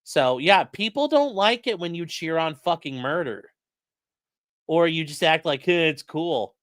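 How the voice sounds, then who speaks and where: A man's voice: fairly high pitch, animated, unhurried, fairly bright tone, no room sound. A man commentating on news in a casual live stream, crude and mocking, reading chat messages aloud.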